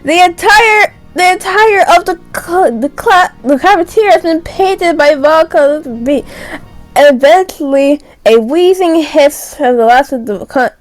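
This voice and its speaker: Young woman reading a dating game out loud, high voice all over the place, slow, trips on words, faint music. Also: animated, poor audio. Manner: dramatic, shrieking reactions, stumbling over words. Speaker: gamer reading a dating sim aloud. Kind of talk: reading game text aloud with reactions.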